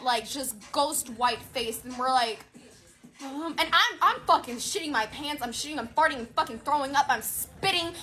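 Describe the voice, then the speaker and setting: High, bright-voiced woman telling a story. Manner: animated, blunt, profane. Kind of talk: casual storytime monologue.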